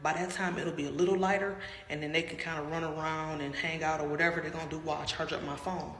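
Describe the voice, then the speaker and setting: A woman's voice: low-pitched, fairly even intonation, fast, fairly bright tone. Woman doing a chatty storytime vlog, hypes up the viewers, echoey room, a bit of background hiss. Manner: chatty, dramatic, keeps calling out to viewers. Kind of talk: casual storytime. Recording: roomy with long reverb and faint noise.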